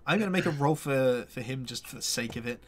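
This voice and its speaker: A man's voice: mid-range voice, expressive, fast. A man narrating as game master for a tabletop game, hesitant and full of fillers.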